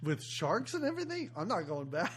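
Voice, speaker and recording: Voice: medium pitch, sing-song, brisk, fairly bright tone, a little hiss or hum. A podcast co-host chatting casually about a film, retelling scenes and acting out the characters' lines between laughs. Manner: storytelling, acts out film quotes and laughs mid-sentence. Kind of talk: casual movie chat.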